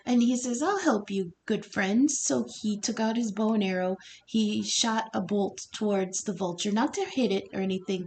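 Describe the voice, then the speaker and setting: Mellow, rambling woman tarot reader. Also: mid-range voice, slight background noise, poor audio. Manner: rambling, with fillers and restarts. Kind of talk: casual tarot reading with storytelling.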